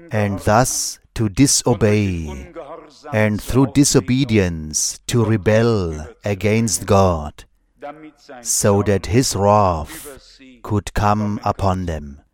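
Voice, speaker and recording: A man preaching a sermon in slow, measured short phrases. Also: fairly low pitch, a little mellow.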